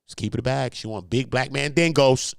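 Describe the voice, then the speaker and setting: A man's voice: mid-range voice, brisk, vocal fry, smooth, dry recording, clean studio sound. Brash swearing male commentary host. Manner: brash, swearing, laughing, slangy. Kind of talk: casual commentary.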